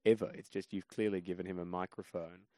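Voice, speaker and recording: Australian man, twenties, low voice, dry close sound, measured storytelling that picks up energy. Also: no echo. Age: 20s. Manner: measured low-key delivery that gets animated in stories. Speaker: podcast guest, comedian. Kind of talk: casual storytelling chat.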